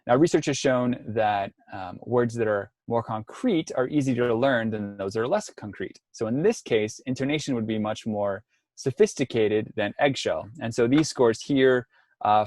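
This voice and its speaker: Man presenting an online workshop, somewhat low voice, dry close sound, lots of ums, video call. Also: darkish tone, no echo. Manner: explanatory, many ums and restarts. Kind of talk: online lecture.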